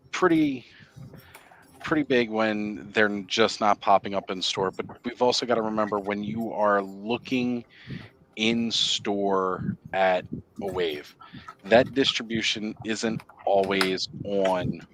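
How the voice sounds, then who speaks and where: A man hosting a live stream, chatting casually and explaining at length in a relaxed, rambling way. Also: lowish voice, slow pace, slight background noise. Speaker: livestream host. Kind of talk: casual chat.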